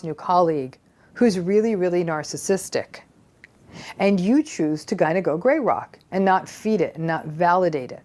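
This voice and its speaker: A woman with a somewhat low voice explains a psychological idea in a conversational, earnest way. She teaches as if talking straight to the viewer. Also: darkish tone. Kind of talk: educational talk to camera.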